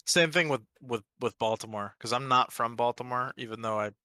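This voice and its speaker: A man's voice: mid-range voice, fairly quick, sharp tone, no room sound. A man from the Washington, D.C. area with a local American accent, chatting casually and rambling while he sculpts. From Washington, D.C. area, USA. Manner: rambling, laughs easily.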